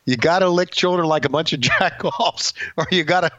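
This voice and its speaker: A man's voice: on the high side, fairly quick, sharp tone, no room sound, muffled recording. A man co-hosting a casual wrestling podcast, laid-back and wry, laughing along with his partner. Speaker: podcast co-host.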